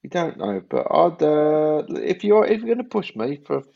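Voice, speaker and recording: A man's voice: on the high side, big pitch swings, moderate pace, gravelly. A man co-hosting a podcast in casual chat, giving his opinions with hesitant restarts. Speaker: podcast co-host. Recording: dull lo-fi mic.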